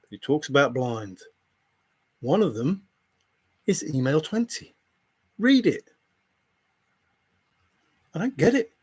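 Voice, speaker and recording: A man with a fairly high voice, lecturing his audience in a heated live stream rant. He repeats himself again and again, exasperated that nobody will listen. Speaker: treasure hunt commentator.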